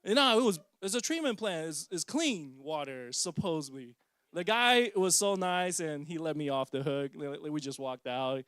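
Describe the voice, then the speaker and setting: Man in his forties, higher voice, smooth and clear, dry close sound, casual self-mocking testimony. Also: lively intonation, normal speed, fairly bright tone, no echo. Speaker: parent sharing testimony. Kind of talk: personal testimony talk.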